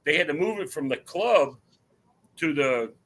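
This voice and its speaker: A man chatting casually on a live talk stream, an animated storyteller with slangy asides. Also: a little high, measured pace, poor audio. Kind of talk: casual chat.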